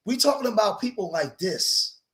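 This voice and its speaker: A commentary host with a high, emphatic male voice reacts to clips in casual commentary at a normal pace. He's animated and calls his viewers "y'all," building up to loud, forceful outbursts. Faint music plays underneath.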